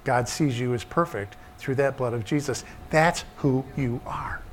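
A man's voice: mid-range voice, a little slow, slight background noise. A middle-aged man preaching a sermon, telling a childhood story and repeating short emphatic refrains.

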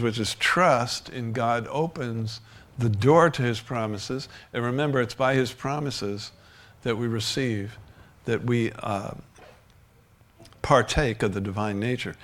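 A man's voice: medium pitch, fairly bright tone. A male pastor preaching a sermon in a conversational way, often restarting sentences and chuckling.

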